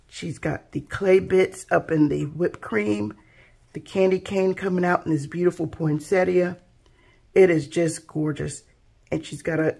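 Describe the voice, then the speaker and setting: A woman's voice: fairly low pitch, gravelly, breathy edge. A woman hosting a craft channel, chatting casually and admiringly as she unboxes handmade gifts. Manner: soft-spoken, gushing, admiring.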